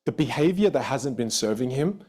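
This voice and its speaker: A man teaching a live online communication workshop, lively and dramatic, acting out the voices of the people in his stories. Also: fairly quick, slightly rough. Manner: animated, acts out quoted voices with big pitch jumps. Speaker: communication coach.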